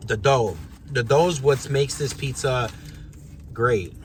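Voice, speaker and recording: A man from Chicago, eating pizza and chatting casually in a mukbang vlog, with a relaxed, chatty manner. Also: mid-range voice, measured pace, a little hiss or hum. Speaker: vlogger. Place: parked truck.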